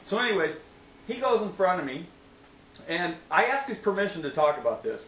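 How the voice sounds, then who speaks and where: A man's voice: high voice, sing-song, brisk, fairly bright tone, echoey room, slight background noise, low-quality recording. A middle-aged man telling a story in a casual vlog, chatty and preachy, often tossing in "okay?" and "anyways". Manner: preachy, motivational asides. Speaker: vlogger.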